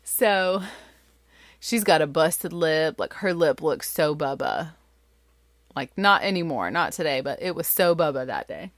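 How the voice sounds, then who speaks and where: A woman in her thirties, a mother, telling a family story in an animated, chatty way with lots of fillers. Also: low-pitched, a little slow, no room sound. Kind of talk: casual storytelling.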